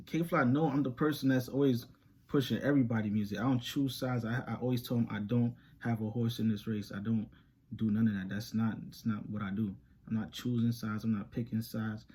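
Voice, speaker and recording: A young man, telling a story to camera in animated, slangy street talk and laughing often. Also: medium pitch, slight background noise. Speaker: reaction channel host.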